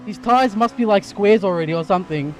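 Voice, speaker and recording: A man's voice: high-pitched, brisk. Chatty Australian man streaming sim racing. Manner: chatty, thinks out loud, excitable. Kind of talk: live-stream gaming chat. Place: home sim racing rig.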